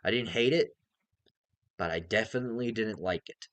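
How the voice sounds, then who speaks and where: A man's voice: on the low side, normal speed, a bit bright, dry recording. A young man giving a casual, exasperated movie review, swearing heavily as he rants. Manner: exasperated ranting, heavy swearing. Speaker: film reviewer.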